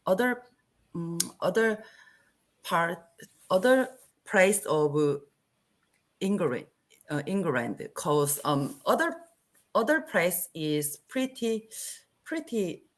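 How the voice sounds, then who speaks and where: A woman's voice: fairly low pitch, sing-song, slow pace, pauses often. A woman learning English on a video call, hesitant and searching for words with many fillers. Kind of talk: online tutoring conversation.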